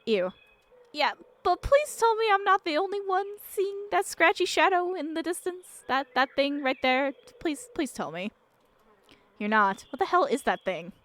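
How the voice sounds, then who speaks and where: High-voiced young woman streamer. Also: normal speed. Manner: excitable, laughs and exclaims often. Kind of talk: reading a visual novel aloud with reactions.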